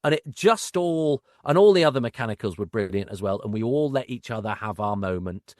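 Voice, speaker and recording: A man's voice: fairly low pitch, expressive, brisk, darkish tone, no room sound, studio quality. Wry, self-deprecating man telling stories. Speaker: podcast guest, actor. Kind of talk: conversational anecdote-telling.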